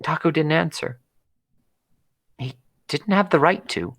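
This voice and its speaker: Low-voiced woman reading a story aloud. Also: unhurried, husky, dry recording, studio quality. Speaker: narrator, reader of fan fiction. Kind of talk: live stream story reading.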